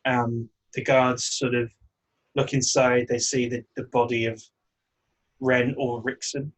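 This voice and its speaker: A man narrating as game master of a tabletop game, relaxed and hesitant with many fillers. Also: mid-range voice, measured pace, slightly rough, low-quality recording.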